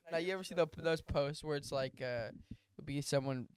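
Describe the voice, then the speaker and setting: A man's voice: on the high side, unhurried, pauses often, clear, resonant tone. A man co-hosting a podcast in goofy, casual banter, swearing freely and slipping into mock voices. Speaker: podcast co-host.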